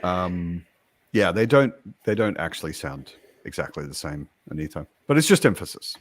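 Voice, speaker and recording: A man's voice: sits low, big pitch swings, moderate pace, dry recording. A man from the United States hosting a casual chat, talking in a wry, rambling way with asides. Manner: chatty, wry, trails off into asides. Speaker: podcast host.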